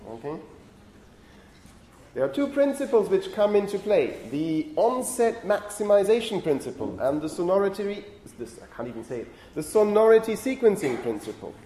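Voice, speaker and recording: A male university lecturer with a fairly high, mellow voice that swings up and down a great deal as he explains. He often stops to correct himself and checks in with the class. The room is echoey, with faint noise behind him. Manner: lively, self-correcting, frequent "okay?" checks. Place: lecture hall. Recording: roomy lecture hall echo.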